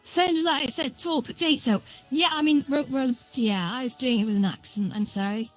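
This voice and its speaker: A woman's voice: high-pitched, normal speed, faint music behind. A woman streamer talking through her coding work in a loose, rambling way, full of filler words and self-deprecating asides. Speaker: streamer building a VR world. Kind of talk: casual live-stream commentary while coding.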